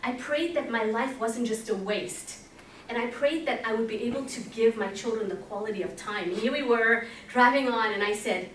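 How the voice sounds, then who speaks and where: A woman's voice: fairly high pitch, moderate pace, a bit bright. A woman giving a motivational talk at a conference, speaking with emphasis and putting questions to the audience. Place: conference room. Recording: echoey hall, voice from a distance, faint hiss.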